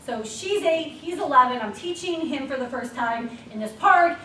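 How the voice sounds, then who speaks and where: A woman's voice: high-pitched, normal speed, a little hiss or hum. A woman giving a motivational talk to an audience, telling stories with frequent laughter. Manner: animated storytelling with frequent laughs. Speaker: speaker. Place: event room with an audience. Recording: echoey room, voice from a distance.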